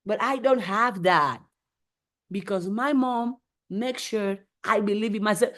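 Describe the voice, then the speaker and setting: A woman hosts a motivational live stream, speaking emphatically and repeating phrases for effect. Her voice is medium-pitched, unhurried and a bit bright, and she acts out voices when quoting.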